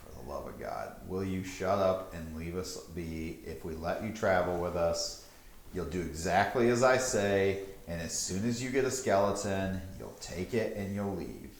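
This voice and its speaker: Man as tired woman captain, low, hushed, roomy. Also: normal speed, slight background noise. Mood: exasperated. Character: weary stern female guard captain, exasperated. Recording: echoey room.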